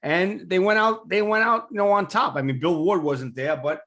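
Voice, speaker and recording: A man from Queens, hosting a casual interview and talking like an excited fan. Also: sits high, normal speed. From Queens, New York. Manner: excitable, blunt fan talk. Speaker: interview host.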